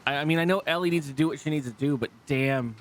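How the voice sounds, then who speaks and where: A man doing casual gameplay commentary as a streamer, animated, swearing often and thinking aloud. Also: a little high, quick pace.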